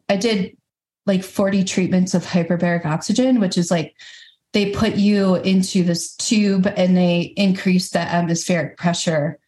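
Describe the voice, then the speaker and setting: A woman speaking as a guest in a casual podcast interview, open and talkative, her thoughts tumbling out with plenty of fillers. Her voice sits at an ordinary middle pitch, and the recording has a noticeable roomy echo. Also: darkish tone. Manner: candid and chatty, many fillers.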